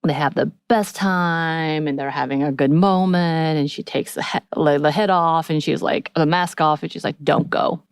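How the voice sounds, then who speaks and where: A woman's voice: sits low, normal speed, hardly any pauses, smooth, no room sound, studio quality. A woman co-hosting a podcast, recapping a TV episode in casual chat and acting out the characters' lines as she goes. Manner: lively storytelling, acts out characters' lines. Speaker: podcast co-host.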